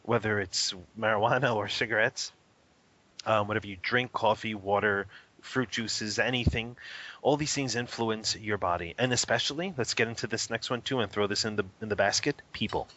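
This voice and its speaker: A man with a lowish, bright, forceful voice answers interview questions. He talks in an animated way and laughs often. The audio is a little dull and lo-fi. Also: moderate pace. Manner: animated, laughs often, acts out a toddler's cries. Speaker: interview guest, spiritual teacher. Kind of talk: casual interview.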